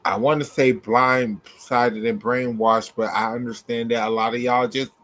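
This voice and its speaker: Young man, ranting vlog commentary, blunt, profane, repetitive, middle pitch. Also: flat delivery, measured pace, a bit bright. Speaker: gymnastics commentator.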